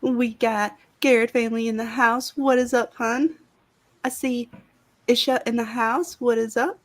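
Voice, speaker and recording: A woman's voice: a little high, steady tone, a little slow. A woman with a Southern US accent co-hosting a casual livestream, chatty and greeting viewers by name. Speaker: livestream co-host.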